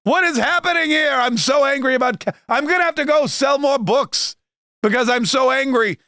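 A high, piercing old politician howls with indignation, outraged at prices and money, as a man puts him on. He rants at full tilt in a close, dry take with no room sound. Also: normal speed, no room sound. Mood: indignant ranting. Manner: shrill, exasperated yelling. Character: rich old male politician ranting at capitalism.

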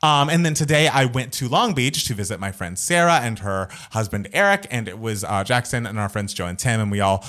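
A young adult man co-hosting a podcast, telling stories in a playful, animated way with campy asides. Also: fairly low pitch, fairly quick, hardly any pauses. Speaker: podcast co-host. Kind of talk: casual chat.

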